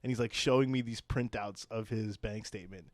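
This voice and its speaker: A man's voice: fairly low pitch, steady tone, brisk, no room sound. A young man telling a story as a podcast guest, rambling, swearing and saying "like" constantly. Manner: rambling, heavy use of "like", swears. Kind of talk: casual storytelling.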